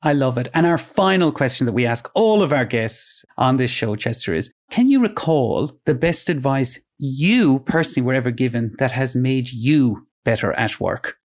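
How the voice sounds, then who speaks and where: A man's voice: medium pitch, lively intonation, moderate pace, few pauses. A man hosting a podcast interview, upbeat and full of praise for his guest. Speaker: podcast host.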